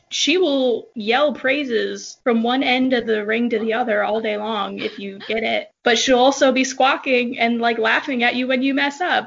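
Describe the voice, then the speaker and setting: Woman guest, soft-spoken, chatty with fillers, fry in the voice, dull recording. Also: on the high side. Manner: self-described soft-spoken and timid, chatty with many fillers. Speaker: horse rider guest. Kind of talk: casual podcast conversation.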